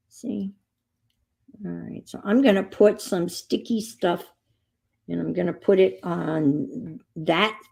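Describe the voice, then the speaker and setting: A woman's voice: fairly low pitch, vocal fry, a little mellow, breathy edge. A middle-aged woman chatting casually as she crafts on a stream, telling rambling stories. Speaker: crafting vlogger.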